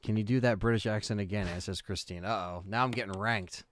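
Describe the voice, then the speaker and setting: A man's voice: lowish voice, brisk. A man chatting casually with his viewers while playing a game, reading their comments aloud. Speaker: game streamer. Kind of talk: casual live stream chat while gaming. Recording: noisy stream with mouse clicks.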